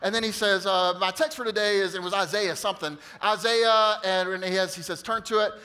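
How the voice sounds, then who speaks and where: A male pastor telling a funny story in a sermon, animated and jokey, acting out the quotes. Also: sits high, fairly quick. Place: church auditorium.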